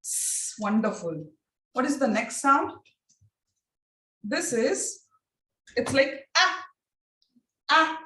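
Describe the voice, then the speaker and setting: A woman running a phonics training workshop, talking slowly and with care, so each sound gets drilled over and over. Her voice sits a little high. She is heard from a distance in an echoey room. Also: sing-song, a bit bright.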